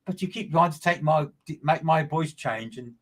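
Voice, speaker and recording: A man's voice: fairly high pitch, moderate pace. A man working as a medium, giving a live streamed reading in a repetitive, emphatic way and greeting listeners by name.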